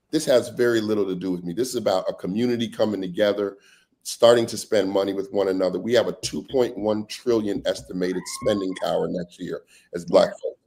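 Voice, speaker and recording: A man on a casual panel, an app founder telling lively stories and acting out the people in them. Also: medium pitch. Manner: animated storyteller acting out quoted voices. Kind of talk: casual panel conversation, storytelling. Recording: online live panel.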